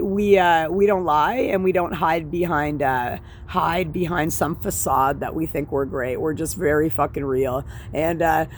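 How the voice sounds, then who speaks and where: A man's voice: a little high, slight background noise. A man in his forties ranting outdoors in a vlog monologue, swearing heavily, repeating himself and stumbling over fillers. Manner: profane, repetitive, halting with many fillers. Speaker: sobriety vlogger. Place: outdoors at dusk.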